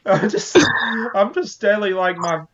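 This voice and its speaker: A man's voice: sits high, sing-song, moderate pace. A man hosting a casual live stream, easygoing and struggling to hold back his laughter. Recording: lo-fi audio with crowd chatter behind.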